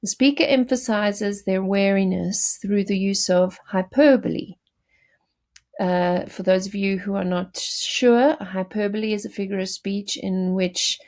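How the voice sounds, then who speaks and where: Slow-talking woman teacher explaining a poem. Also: medium pitch, gravelly, a little mellow. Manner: explanatory, addresses students directly; frequent fillers and self-corrections. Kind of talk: recorded lesson, poetry analysis.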